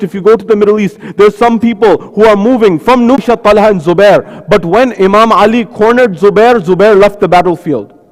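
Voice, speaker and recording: High-voiced man preaching in a reverberant hall. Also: darkish tone. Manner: slows and drops low for quoted lines, rises to a high lament at the climax. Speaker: speaker at a mosque majlis. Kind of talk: sermon with mournful recitation. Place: large mosque hall.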